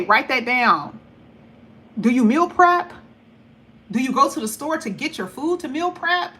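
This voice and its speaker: A woman giving a casual tarot reading to camera, talking in a chatty, blunt way with animated asides. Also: sits high. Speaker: tarot reader.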